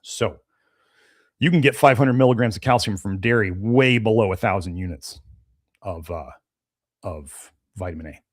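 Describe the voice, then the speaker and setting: A man's voice: lowish voice, normal speed, long pauses. A man hosting a live-stream Q&A, answering chat questions in a casual, rambling way with many fillers and restarts, and sounding a little congested. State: slightly congested, sneezy. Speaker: host of a health podcast.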